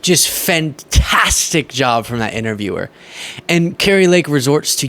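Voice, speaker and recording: A young man hosting a political reaction show, talking in a sarcastic, mocking and animated way. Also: fairly high pitch, measured pace. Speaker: political commentary host. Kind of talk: reaction commentary.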